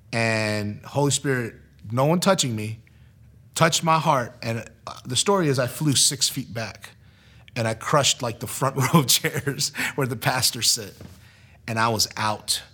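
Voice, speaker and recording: A man's voice: medium pitch, unhurried. A young man casually telling a personal testimony, using lots of fillers and acting out quoted lines in a raised voice. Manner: animated, acts out quotes in a raised voice; casual, filler-heavy with frequent likes.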